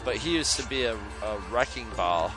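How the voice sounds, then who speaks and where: Animated man telling a story. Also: fairly low pitch, moderate pace, music in the background, low-quality recording. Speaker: podcast host. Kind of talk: casual storytelling.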